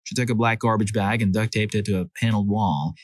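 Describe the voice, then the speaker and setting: A man narrating a series of reader-submitted stories as a scripted storyteller, lively when he voices the quoted lines. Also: fairly low pitch, fast, dry recording.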